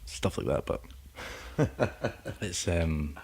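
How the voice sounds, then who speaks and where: A man's voice: sits low, animated, drawn-out words, a little mellow, slightly rough. A Scottish man with a Scottish accent, a singer-songwriter guest chatting casually in a rambling, laid-back way. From Scotland. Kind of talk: casual chat.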